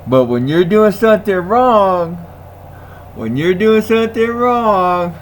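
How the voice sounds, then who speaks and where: Slow, lively-voiced man ranting. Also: sits high, slight background noise. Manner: repetitive, laughing, slangy. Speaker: vlogger. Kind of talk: casual ranting monologue.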